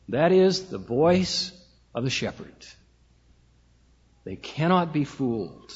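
High-voiced preacher in a reverberant hall. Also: male voice, very animated, breathy edge. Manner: measured preaching, slows to stress key words. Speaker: pastor. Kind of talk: sermon. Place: church sanctuary. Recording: dull lo-fi sound with long hall reverb.

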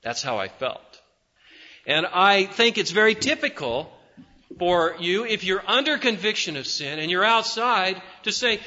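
A man preaching with fervent conviction, his high, bright voice swinging from emphatic peaks down to hushed, low passages. The sound is muffled and carries the long echo of a church hall. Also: lively intonation, measured pace. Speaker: pastor. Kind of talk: sermon.

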